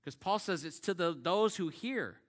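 A man preaching a sermon as a pastor, earnest and emphatic, slowing down to stress scripture. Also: high voice, animated.

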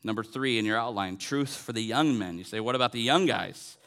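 Speaking briskly in a medium-pitched, somewhat bright voice, a man in his forties delivers an earnest sermon. His preaching relies on repeated phrases that climb to emphatic high points.

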